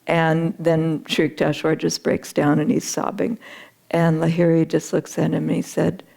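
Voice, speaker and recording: A woman's voice: sits low, completely flat delivery, normal speed, vocal fry, darkish tone. A woman retelling a spiritual story in a talk, earnest, with frequent fillers.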